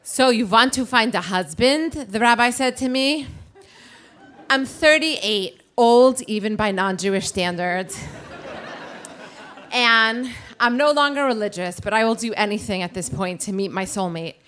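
A woman's voice: a little high, lively intonation, unhurried, a bit bright, slight background noise. A woman telling a personal story on stage with wry, self-mocking humor. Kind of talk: live storytelling.

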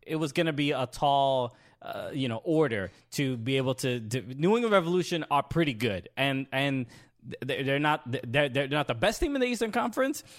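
Halting man recapping soccer games. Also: medium pitch, animated. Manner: halting, many fillers and restarts, earnest. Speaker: podcast host. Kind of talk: casual sports recap.

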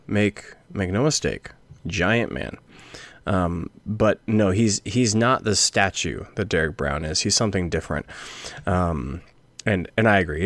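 A man co-hosts a sports podcast with a lowish voice, recorded close and dry with no room sound. He speaks in a measured, dry way, his phrases often trailing off softly. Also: no echo. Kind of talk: casual sports chat.

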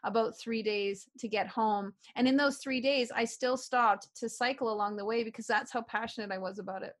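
A middle-aged woman from Canada, a guest telling stories in a casual interview, upbeat and animated, repeating affirmations. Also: fairly high pitch, moderate pace. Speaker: guest, author and publisher.

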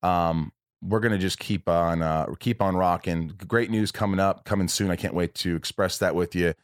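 Deep-voiced guy rambling on his podcast at home, keeps restarting sentences, dry close sound. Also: steady tone, normal speed, no room sound. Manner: rambling, lots of restarts and self-corrections. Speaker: podcast host. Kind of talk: casual podcast chat.

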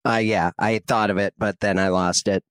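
A man's voice: fairly low pitch, steady tone, moderate pace, a bit bright, no room sound. Playful rambling man, dry close sound. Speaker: podcast co-host. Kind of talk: casual podcast chat.

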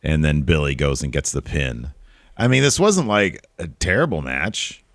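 A deep-voiced man chatting animatedly on a podcast, throwing in quick profane asides. His voice is dry and close to the mic, with no room around it. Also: big pitch swings, no room sound. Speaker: podcast co-host. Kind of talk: casual wrestling review chat.

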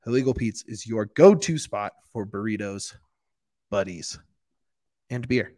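A man's voice: on the low side, unhurried, dark tone. A man co-hosting a sports podcast, reading a sponsor ad in a casual, giggly, enthusiastic way. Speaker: podcast co-host. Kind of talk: casual ad read.

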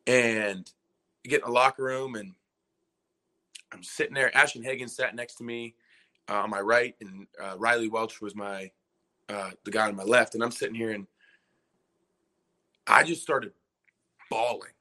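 A man's voice: lowish voice, fairly even intonation, normal speed, long pauses, sharp tone. A young man in his twenties, a former college basketball player, telling a long story on a podcast and acting out what people said. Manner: rambling, retells scenes by quoting himself and others. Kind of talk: casual storytelling interview.

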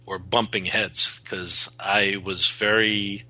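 A man's voice: lowish voice, little pitch movement, slow pace, pushed and bright, no room sound, rough recording. A man being interviewed as a guest, explaining his work in an earnest way with frequent restarts. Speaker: guest, cannabis seed breeder. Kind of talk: podcast interview.

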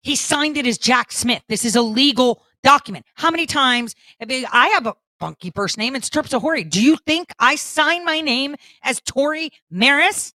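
A woman's voice: sits high, expressive, normal speed, few pauses, sharp tone, dry recording. Blunt, profane woman commentator. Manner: blunt, profane and emphatic, with many "right?" tags. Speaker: political commentary show host. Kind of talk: casual monologue to viewers.

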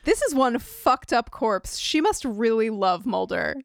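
A woman co-hosting a podcast who chats casually and drops wry asides and dry corrections. Her voice is slightly high and smooth. The close mic leaves it dry. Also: sing-song, unhurried, no echo. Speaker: podcast co-host. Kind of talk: casual chat.

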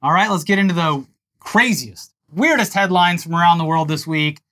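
A male podcast co-host chatting casually with playful, quick banter. His voice sits high for a man and sounds bright. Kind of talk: casual comedic chat.

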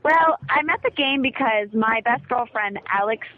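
A woman's voice: a little high, expressive, moderate pace. A young woman calling in to a podcast she co-hosts, chatty and rambling, from an outdoor ballpark. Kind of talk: casual chat. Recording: tinny phone line.

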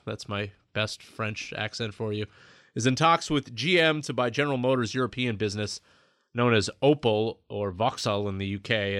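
A man's voice: medium pitch, fairly bright tone, no room sound. A man hosting a podcast interview in a studio, joking around and asking loose questions with fillers. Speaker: podcast host.

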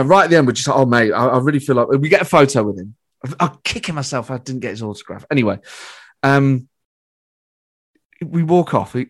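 Animated British man telling a story. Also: medium pitch. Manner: animated, excitable storyteller with frequent restarts. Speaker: comedian guest. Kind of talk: casual storytelling chat.

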